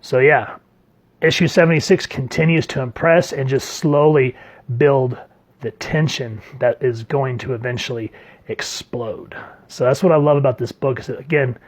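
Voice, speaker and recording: A man's voice: medium pitch, fairly even intonation, normal speed, breathy edge. A man reviewing a comic book in a chatty, enthusiastic way, with lots of filler words and laughter. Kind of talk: casual video review.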